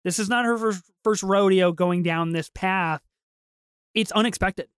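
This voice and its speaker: Smooth-voiced woman, quick casual chat. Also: mid-range voice, no room sound. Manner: fast, animated, with repeated restarts. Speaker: podcast co-host.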